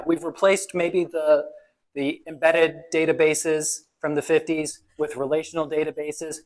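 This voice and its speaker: A man's voice: a little high, rough recording. A man giving a casual, jokey conference presentation who talks conversationally and acts out what other people say. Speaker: conference speaker.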